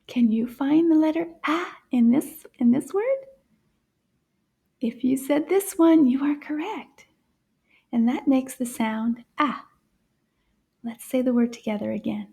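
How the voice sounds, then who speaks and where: A woman teaching a children's French lesson in a gentle, encouraging way, often dropping into soft asides. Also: sits high, lively intonation, measured pace, long pauses.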